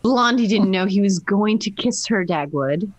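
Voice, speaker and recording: Woman playing a gentle, soothing girlfriend, dry close sound, 1940s radio play. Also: mid-range voice, expressive, normal speed, no echo, natural voice. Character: soothing female friend of the wife.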